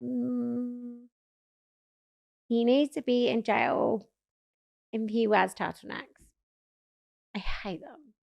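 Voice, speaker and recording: A young woman from England, guest on a talk show, telling stories in animated casual chat and swearing freely. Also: on the high side, slow, creaky, pauses often, muffled recording.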